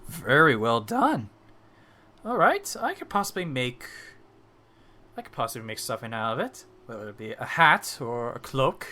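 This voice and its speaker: A man's voice: medium pitch, very animated, moderate pace, pushed and bright. A man voicing a chatty, curious male merchant tailor in a tabletop game, who rambles and muses aloud. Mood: musing.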